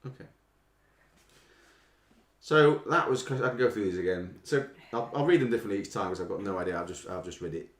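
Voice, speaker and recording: A man hosting a live online quiz from home, playfully reading song lyrics in a slow, dramatic sing-song. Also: on the low side. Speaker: quiz host. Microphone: desk microphone. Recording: echoey room.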